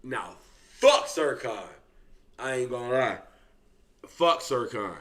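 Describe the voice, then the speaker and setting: A young man riffs through casual reaction commentary, loose and full of slang. His voice sits at an ordinary middle pitch, and he talks to his audience like friends. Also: animated, slow pace, fairly bright tone. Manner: loose, slangy and profane, talks straight to viewers. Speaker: reaction streamer.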